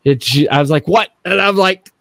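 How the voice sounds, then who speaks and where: A middle-aged man hosting a podcast, telling stories in a casual, animated way. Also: a little high, brisk, creaky, no echo. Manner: animated storyteller. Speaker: podcast host.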